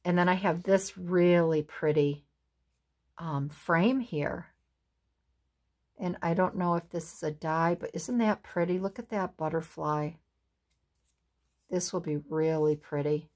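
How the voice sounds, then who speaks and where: A woman crafter doing an unboxing, gushing admiringly and filling pauses with fillers. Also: fairly low pitch. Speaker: craft vlogger. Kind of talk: unboxing show-and-tell.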